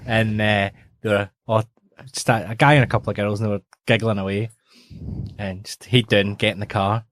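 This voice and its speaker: A man's voice: on the low side, steady tone, normal speed, no room sound. Male co-host, sheepish hesitant storyteller, dry close mic. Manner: self-deprecating, hesitant storyteller. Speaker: podcast co-host. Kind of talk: casual comedic chat.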